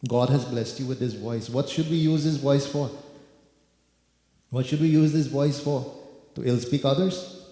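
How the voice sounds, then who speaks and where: A man's voice: mid-range voice, normal speed, pauses often, warm tone. A man preaching a sermon, addressing listeners as devotees and repeating words for emphasis. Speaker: preacher leading kirtan. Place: temple hall. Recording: echoey hall with music.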